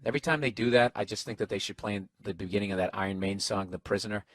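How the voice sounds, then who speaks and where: A man's voice: on the low side, very fast, a bit bright, no echo. A man ranting sarcastically and profanely on a casual comedy podcast, recorded on a single microphone in a hotel room. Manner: profane, sarcastic, acts out quoted voices. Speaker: podcast host. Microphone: single microphone, no headphones.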